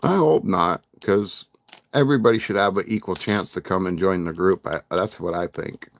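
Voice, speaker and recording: A man's voice: low voice, normal speed. A middle-aged man hosting a casual livestream, rambling and joking with his chat and laughing often. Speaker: livestream host.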